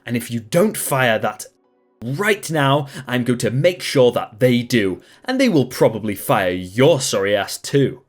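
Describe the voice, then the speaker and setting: A man reading a story aloud, voicing an angry, entitled woman customer who shouts demands. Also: medium pitch, lively intonation, unhurried, soft background music. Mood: furious. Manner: indignant, shouting accusations.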